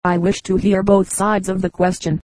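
A woman reading the part of a tall, rough boat captain who speaks firmly and kindly, in a storybook reading. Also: mid-range voice, flat delivery, moderate pace, darkish tone, dry recording, close to an everyday voice.

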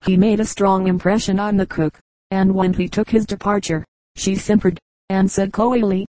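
A woman narrates a book of short jokes in a measured, even reading. Her voice is mellow and warm at a middling pitch, recorded close and dry with no room around it. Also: dry recording, rough recording. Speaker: audiobook reader. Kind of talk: scripted narration.

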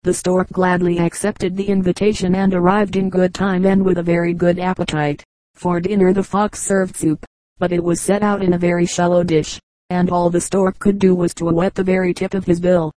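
A woman narrates fables with a measured, steady delivery. Her voice sits low and warm, kept flat in its melody. The sound is dry and close to the mic. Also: dry recording, poor audio. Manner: measured, even reading. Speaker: audiobook narrator. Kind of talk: scripted storybook narration.

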